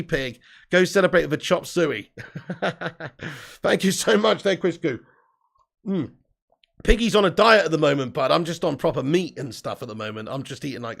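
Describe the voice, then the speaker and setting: Young english guy, southern accent, super gravelly fry, kinda high voice, chatty sweary live stream host reading chat. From England. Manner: chatty, sweary, reads out viewer comments. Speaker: football channel host.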